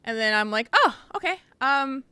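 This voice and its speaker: Podcast co-host, female, bright and lively, acts out quotes and laughs often; dry, close sound. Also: high-pitched, normal speed, clean tone, no room sound. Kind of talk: casual gaming chat.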